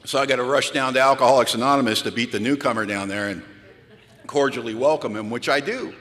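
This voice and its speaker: A man in his fifties telling a story to a live audience, animated and acting out the dialogue. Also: fast. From Pacific Northwest of the US. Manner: animated, acts out dialogue, drops low for his own past self. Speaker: recovery retreat speaker. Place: large hall. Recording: reverberant hall.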